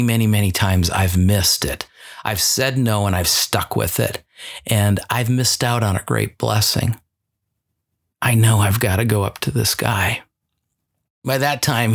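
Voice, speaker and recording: A man preaching through a personal story in a slow, halting way, often restarting his sentences. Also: medium pitch, fairly bright tone. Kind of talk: storytelling sermon.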